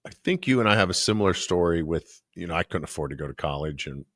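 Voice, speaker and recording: A man's voice: low-pitched, quick pace. A man hosting an interview, chatting casually and agreeably, sharing his own story and prompting his guest. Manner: relaxed, agreeable, brief backchannels. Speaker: podcast host.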